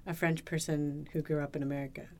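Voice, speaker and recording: Low-voiced woman asking short questions. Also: level tone, fast. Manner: brief back-channel murmurs and short questions. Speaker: interviewer. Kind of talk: casual interview conversation.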